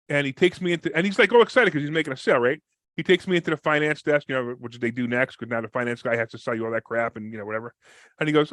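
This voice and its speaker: A man with a rather high voice talks at a brisk, rushing pace, recounting his story as a guest on a podcast. He bursts into the voices of the people he quotes, with sudden leaps in pitch. The recording is dry and close, with no room sound. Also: dry recording. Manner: fast, energetic, acts out quoted people with big pitch jumps. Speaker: real estate investor guest. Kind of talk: animated storytelling in a podcast interview.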